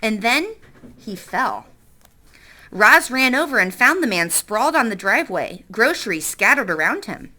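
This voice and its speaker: Teacher lady reading a story to the class, bouncy and expressive, bright tone. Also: a little high, moderate pace. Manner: expressive, stops to quiz the class. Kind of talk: reading a novel aloud to a class.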